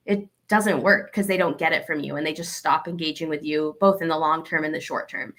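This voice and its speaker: A young adult woman from Arkansas, a comedian guest in an interview, animatedly acting out both sides of the conversations she describes. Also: fairly low pitch. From Arkansas, USA. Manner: animated, acts out both sides of quoted dialogue.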